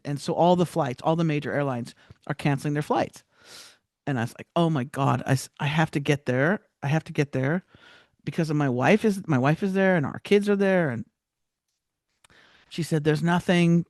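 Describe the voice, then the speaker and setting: A woman telling a personal story as a podcast guest, animated, with many restarts and acted-out quotes. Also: low-pitched, no echo, studio quality.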